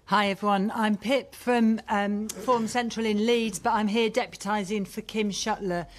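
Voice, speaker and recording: A woman's voice: medium pitch, steady tone, normal speed, a little hiss or hum. A woman giving a brief, friendly self-introduction at a formal board meeting in a meeting room. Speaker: deputising board member.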